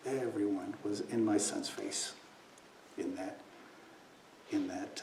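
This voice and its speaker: A man's voice: on the low side, steady tone, slow, pauses often, a little mellow. A man giving a meditation talk, telling a personal story, acting out quoted voices and dropping to near whispers at times. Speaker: meditation teacher. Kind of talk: dharma talk. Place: meditation hall. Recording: echoey room, mic at a distance, faint noise.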